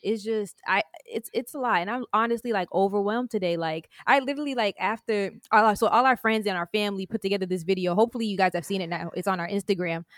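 A young adult woman co-hosting a podcast, excited and emphatic, quick to laugh. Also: mid-range voice, no room sound, studio quality. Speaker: podcast co-host. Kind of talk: casual chat.

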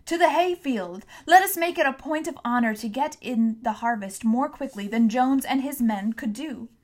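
A woman's voice: high voice, moderate pace, darkish tone. A woman voicing an eager male pig who rouses the other animals to work in a storybook reading. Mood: rousing. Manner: rallying, stirring cries.

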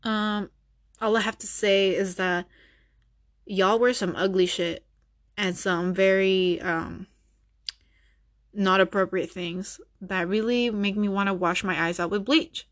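This young woman hosts her own podcast and uses it for a casual, profane, sarcastic rant, blunt all the way through. Her medium-pitched voice stays steady, and she takes her time, leaving long pauses.

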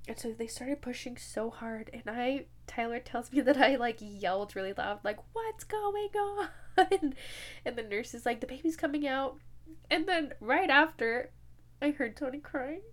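A woman's voice: fairly high pitch, normal speed. A young woman telling a personal story in an emotional way, full of quoted dialogue and fillers. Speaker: podcast host.

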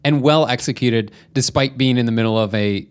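A man's voice: medium pitch, brisk, clear, resonant tone. A man co-hosting a laid-back film podcast. He speaks conversationally and often slips into silly voices to quote characters. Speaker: podcast co-host. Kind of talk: casual movie discussion podcast.

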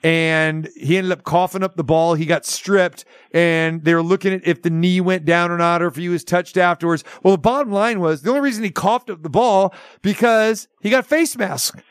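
High-voiced ranting sports radio host. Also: male voice, normal speed, hardly any pauses, clean tone, dry recording, studio quality. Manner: animated ranting, acts out quotes.

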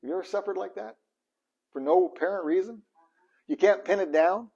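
A man giving a conversational sermon, animated and asking his listeners questions. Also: high-pitched, a little fast, creaky, slightly rough, dull audio. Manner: animated, asks the audience questions. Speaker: preacher.

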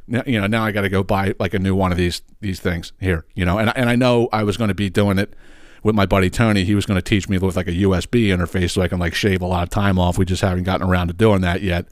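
A man's voice: fast talker, dry recording. Ranting Philly-man, dry mic. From Philadelphia area. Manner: animated, swearing, pitch jumps up when ranting. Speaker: podcast host. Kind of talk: casual ranting monologue. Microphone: side-address studio microphone.

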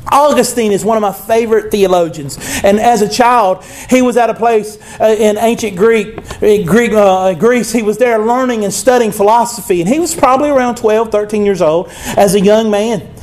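A man's voice: sits high, moderate pace, few pauses, darkish tone. A male pastor preaching a sermon in an emphatic, conversational way, with frequent asides and call-outs to his congregation.

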